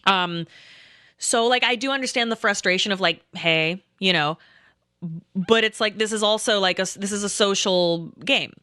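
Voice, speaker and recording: Chatty woman telling a story, bright voice. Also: mid-range voice, moderate pace, dry recording, clean studio sound. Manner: rambling, animated, swears often, acts out quotes. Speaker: storyteller recounting a game night. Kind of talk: casual storytime chat.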